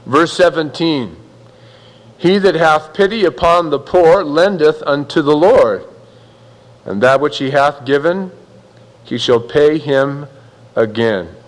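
A man's voice: on the high side, expressive, slow pace, long pauses. Folksy preaching man in a reverberant hall. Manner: conversational, folksy preaching with acted-out quotes. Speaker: pastor. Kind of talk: sermon.

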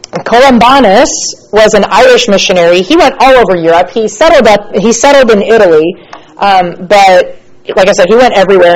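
An American woman teaching church history in a casual lecture, chatty and relaxed with frequent fillers and asides. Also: mid-range voice, rough recording.

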